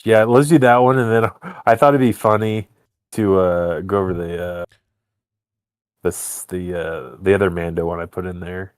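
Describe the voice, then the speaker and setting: A man co-hosting a relaxed podcast chat, with an easygoing delivery that trails off and circles back on itself. His voice sits fairly low and is recorded close and dry. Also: normal speed, clear, resonant tone, dry recording. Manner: easygoing, trails off, hedges with "I don't think". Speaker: podcast co-host. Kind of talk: casual chat.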